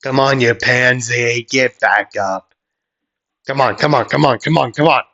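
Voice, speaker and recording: A man's voice: mid-range voice, a little slow, bright, forceful tone. A man doing a cocky young hero, mocking. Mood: taunting. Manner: mocking, goading. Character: cocky young male hero, taunting, laughing. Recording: dull lo-fi audio.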